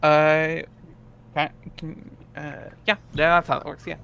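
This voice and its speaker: A man playing a tabletop game, excitable and quick to laugh in casual chat. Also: a little high, vocal fry, smooth, dull audio. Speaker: player.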